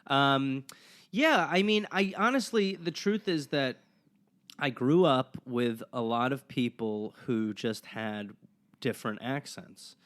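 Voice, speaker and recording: A man's voice: mid-range voice, slow pace, fairly bright tone. A man from Wisconsin, a comedian guest on a podcast, chatting casually and rambling with lots of fillers and restarts. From Wisconsin, USA. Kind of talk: casual interview chat.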